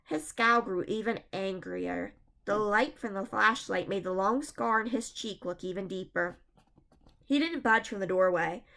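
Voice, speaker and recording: A woman reads a spooky children's book aloud, chapter by chapter. Her delivery is dramatic and suspenseful, and her voice sits at a middle pitch. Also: measured pace, a bit bright. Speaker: reader.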